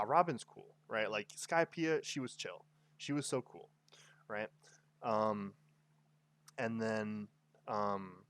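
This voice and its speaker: A man giving casual, excited commentary, rambling with lots of fillers and tag questions as he reviews a story. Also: lowish voice, no room sound. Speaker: anime reviewer. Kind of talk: casual tier-list commentary.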